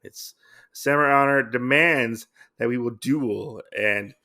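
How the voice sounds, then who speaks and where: A man hosting a podcast, recapping a comic book in a halting, rambling way full of fillers and self-corrections. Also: mid-range voice, sharp tone. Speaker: podcast host.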